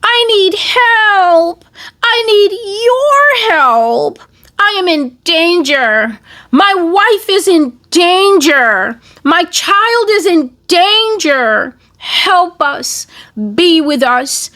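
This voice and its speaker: A woman putting on the voice of a desperate man who begs for help in a high, slow, pleading wail. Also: expressive, bright, forceful tone, exaggerated voice. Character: whining, begging middle-aged man.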